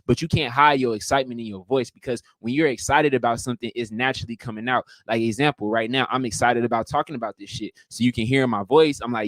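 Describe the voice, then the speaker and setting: A man's voice: medium pitch, fast talker, few pauses, dry recording. A man hosting a casual livestream, talking in a profane, emphatic way and acting out greetings. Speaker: livestream host.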